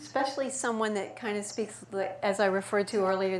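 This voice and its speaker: A woman voice coach answering audience questions at a talk, lively and playful as she demonstrates speech patterns. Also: medium pitch, fairly quick. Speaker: speaker and voice coach. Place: event room with audience. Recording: echoey room, faint noise.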